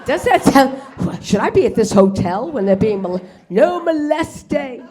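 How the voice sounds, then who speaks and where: A woman's voice: mid-range voice, very animated, normal speed, a little mellow. Middle-aged New woman, stand-up comic, brash and profane, plays every character herself. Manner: brash, swears, acts out characters in punchlines. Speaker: stand-up comedian. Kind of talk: stand-up comedy set. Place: comedy club stage before a live audience.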